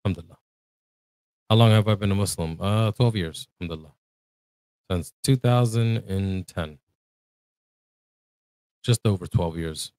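A man's voice: low-pitched, normal speed, long pauses, darkish tone, clean tone, no room sound. A man from Puerto Rico with a Puerto Rican accent, co-hosting a livestream, chatting and joking as he answers the chat. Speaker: co-host. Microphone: desk mic.

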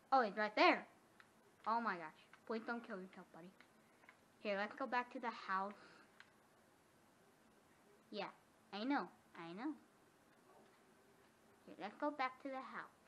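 Excitable high-voiced woman gamer. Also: unhurried, pauses often. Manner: excitable, gasping and squealing at animals. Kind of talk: casual gameplay commentary. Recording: dull lo-fi sound with faint noise.

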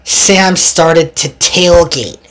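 A woman narrating a storybook tale in a slow, animated reading. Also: lowish voice.

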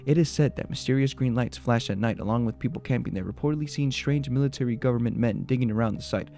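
A man hosting a video that retells urban legends, jumping between spooky storytelling and joking reactions. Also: medium pitch. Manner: quick, mixes spooky retelling with joking asides. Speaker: video host. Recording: soft music behind the voice.

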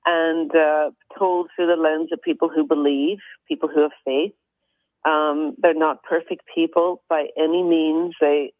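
Casting: gentle, earnest female guest calling in over a dry, tinny phone line. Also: deep voice, no echo. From Ireland. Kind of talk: phone interview.

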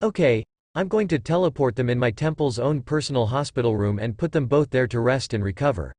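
A man's voice: medium pitch, fairly quick, a little mellow, no room sound, natural voice. Healer god: male reader as a practical god, plain, matter-of-fact.

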